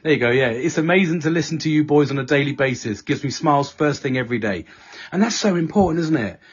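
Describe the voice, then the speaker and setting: A man's voice: a little high, expressive, quick pace, breathy edge. A man chatting casually as podcast host, swearing often and breaking into silly voices when quoting his friends. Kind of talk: casual chat. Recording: dull lo-fi sound.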